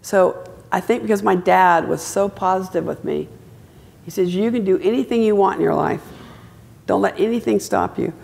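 Older american woman, gravelly and husky, lively motivational storyteller. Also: mid-range voice, moderate pace. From United States. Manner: animated storytelling, acting out voices of family. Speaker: former tennis champion telling her story.

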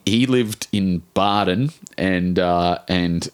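Aussie bloke in his 40s, lowish voice, rambles and swears through a story, keeps restarting. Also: slow. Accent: Australian. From Brisbane, Australia. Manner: rambling, animated, swears casually, many restarts. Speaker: author guest. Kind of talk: casual storytelling interview.

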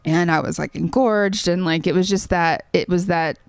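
A woman's voice: fairly low pitch, moderate pace, creaky, clear, resonant tone, no echo, studio quality. A woman in her thirties telling a personal story in a casual interview, earnest and full of fillers. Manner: chatty, many "like" fillers, earnest. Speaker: songwriter guest.

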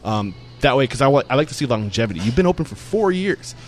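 Fast-talking male interview host. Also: medium pitch. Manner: energetic, affirming, asks long winding questions. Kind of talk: conversational podcast interview.

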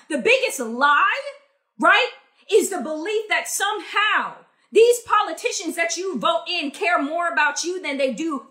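A woman's voice: extremely high pitch, bright, forceful tone. A young adult woman from the United States delivering an angry, profane, sarcastic political rant with heavy emphasis. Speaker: political commentator.

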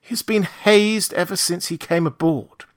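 A man voicing a ship's doctor with a lisp and a slow, smouldering temper, speaking slowly in a raised, stern tone. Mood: stern remonstrating. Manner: slow, clipped remonstrance, rising in pitch.

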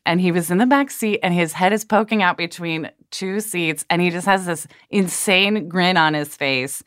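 Chatty woman with a lowish voice. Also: a bit bright, clean tone, no room sound, clean studio sound. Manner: chatty, rambling storyteller. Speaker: podcast co-host. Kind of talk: casual comedic chat. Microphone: studio microphone.

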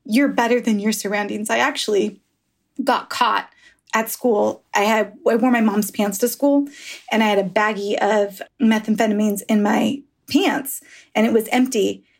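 A woman's voice: medium pitch, steady tone, moderate pace, gravelly. A woman author in a candid podcast interview, talking frankly and rambling through stories with easy laughs and the odd swear. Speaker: author guest.

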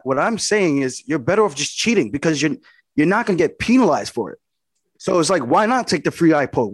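Male fighter guest, slightly high voice, dry close sound, emphatic storytelling. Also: no room sound. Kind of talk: casual interview talk.

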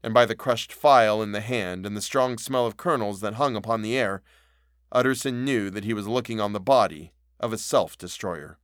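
A man narrating an audiobook of a classic novel, reading in a measured, solemn way. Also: fairly low pitch, no room sound, clean studio sound.

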